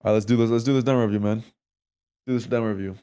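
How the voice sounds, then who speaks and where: A man's voice: fairly low pitch, steady tone, very fast, dark tone, clear, resonant tone. A man streaming a game, chatting casually to his viewers while reviewing a match replay, slangy and swearing as he thinks aloud. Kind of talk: casual live-stream commentary and demo review.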